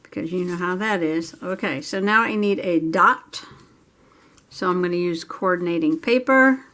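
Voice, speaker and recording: A woman vlogger with a lowish, slightly bright voice talks at a normal pace while working on a craft project at home. She chats casually to herself and her viewers, thinking aloud as she goes.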